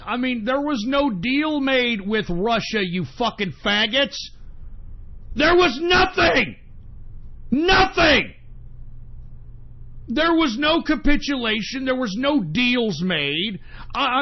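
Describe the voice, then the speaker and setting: A man hosting a talk radio show, ranting in a profane, combative way that swings between shouting and grumbling. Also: sits high. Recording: dull lo-fi sound.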